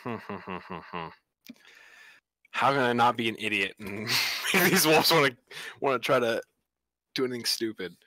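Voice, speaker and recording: A man's voice: mid-range voice, normal speed, pushed and bright, no echo. A man playing a tabletop game, hesitant and thinking aloud. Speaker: player. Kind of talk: tabletop role-play over voice chat.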